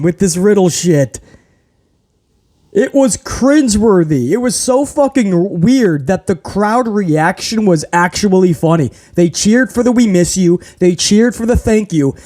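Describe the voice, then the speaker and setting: A man who grew up in housing projects hosts his own wrestling review show, ranting casually and animatedly with lots of swearing. He mocks what he watched with quick impressions, and his voice sits high.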